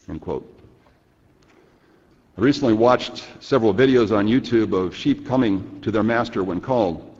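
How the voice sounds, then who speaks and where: A man delivering a sermon in a measured, earnest way, reading scripture passages aloud. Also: on the low side, darkish tone. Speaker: preacher. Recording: lo-fi with long reverb.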